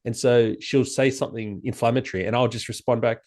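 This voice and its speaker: Animated man in podcast chat. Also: mid-range voice. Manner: animated, acts out quoted exchanges in raised voice; halting, frequent restarts. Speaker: podcast guest.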